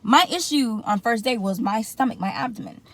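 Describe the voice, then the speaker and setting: Woman vlogger, higher voice, lively storyteller, sore after surgery. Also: fairly quick, no echo. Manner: animated, acts out her own reactions in quotes. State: in some pain after surgery. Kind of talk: casual storytime vlog.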